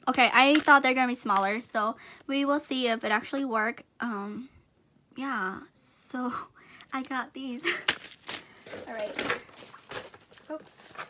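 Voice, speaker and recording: A young woman with a high, bright voice talks through an unboxing in a casual vlog. She gushes and giggles over each item, excitable and chatty. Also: a little hiss or hum. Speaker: vlogger unboxing gifts.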